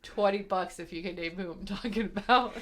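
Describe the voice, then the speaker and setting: A woman's voice: medium pitch, brisk, heavy background noise. A woman on a casual podcast, telling blunt, giggly stories about old coworkers and leaning on "like" a lot. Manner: gossipy, blunt, giggly, heavy use of "like". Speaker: podcast co-host. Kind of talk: casual chat.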